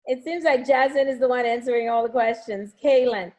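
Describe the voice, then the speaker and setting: A woman teaches an online class from home on a video call, her voice sitting a bit high. She talks through each step and keeps coaxing her students to answer in the chat. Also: brisk, a little mellow. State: has a headache.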